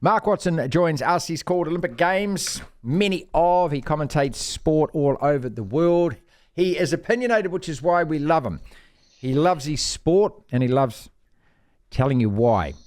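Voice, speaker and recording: A man's voice: a little high, expressive, moderate pace, darkish tone. A middle-aged man with a New Zealand accent hosting a sports podcast, blunt and mocking in his opinions. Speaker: podcast host.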